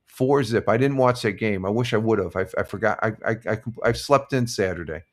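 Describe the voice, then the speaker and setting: An older man hosting a casual live stream, chatting in a relaxed, rambling way with lots of fillers and restarts. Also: lowish voice, a little fast. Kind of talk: casual morning chat reading sports scores and viewer comments.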